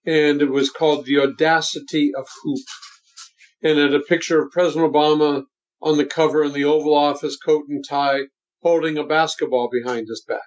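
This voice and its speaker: A man in his seventies, a voice coach, talking in a deliberate and emphatic instructive way during an interview. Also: fairly high pitch, level tone. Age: 70s. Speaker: voice coach guest. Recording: dull lo-fi sound.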